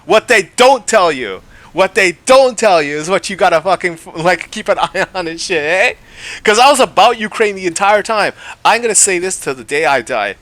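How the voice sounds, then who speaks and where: Swearing, sharp-voiced male ranter. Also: on the high side. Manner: profane, mocking and loud, dropping to a mutter; rambling with frequent fillers and laughs. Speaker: YouTube commentator. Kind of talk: unscripted solo rant.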